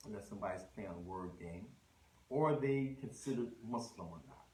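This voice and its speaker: A man's voice: on the low side, expressive, normal speed, darkish tone, echoey room, low-quality recording. A man giving a conversational religious lecture, mixing in Arabic phrases and restarting his sentences. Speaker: Islamic lecturer.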